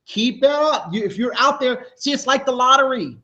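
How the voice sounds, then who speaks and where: Man, high voice, hyped host handing out awards, dull lo-fi sound. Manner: energetic, hyped, talks fast with loose restarts. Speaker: host of a team video show. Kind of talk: upbeat award announcements.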